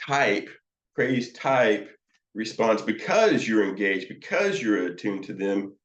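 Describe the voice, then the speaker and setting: A man gives a slow, unhurried lesson on counseling, often pausing and restarting his sentences. His voice sits a little low, and the room around him rings with echo. The sound is a bit dull and lo-fi. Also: sing-song. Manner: slow, halting, many fillers and restarts. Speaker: counseling supervisor. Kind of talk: teaching lecture with demonstrations.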